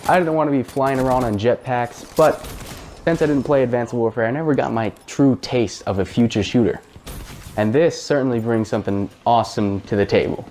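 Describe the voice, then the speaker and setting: A man's voice: medium pitch, a little fast, a little mellow, a little hiss or hum. A man hosting a casual spoken game review, talking in a chatty, rambling way with fillers and the odd swear word. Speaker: gaming channel host.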